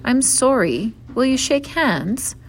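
Woman narrator playing an eager eldest schoolboy from a storybook: bossy, hearty, pitched up and lifted in volume. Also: sing-song, takes it slowly, a little hiss or hum, exaggerated voice. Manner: hearty, old-fashioned exclamations.

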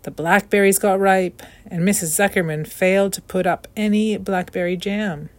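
A woman narrating a children's novel aloud with steady, clear storytelling. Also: medium pitch, normal speed, no room sound.

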